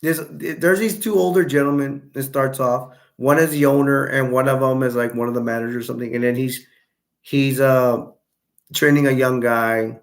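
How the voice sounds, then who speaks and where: Male stream host, mid-pitched, loose and halting, retells a film plot with many fillers, reads viewer comments aloud. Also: steady tone. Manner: rambling, halting storyteller. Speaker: livestream host. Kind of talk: casual livestream chat.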